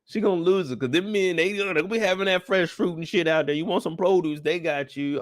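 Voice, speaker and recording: A man hosting a casual live show recap, telling it in a profane, animated way. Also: high voice, a little fast, few pauses, no room sound, clean studio sound.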